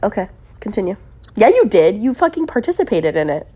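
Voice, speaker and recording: A woman's voice: mid-range voice, very animated, brisk, warm tone, husky. A woman guesting on a podcast, chatting casually, teasing bluntly and swearing freely. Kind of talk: casual chat.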